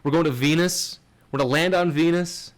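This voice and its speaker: A man's voice: on the high side, a little fast. A man hosting a podcast, chatting casually and jokingly about space missions, laughing often as he explains. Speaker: podcast host. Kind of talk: casual chat.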